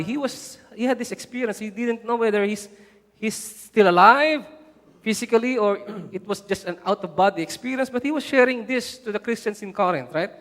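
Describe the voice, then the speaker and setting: A high-voiced male pastor preaches a sermon in a church hall at normal speed, animated and rising loud for emphasis. He stays conversational, often tossing in "right?" asides. Long church-hall reverb fills the recording.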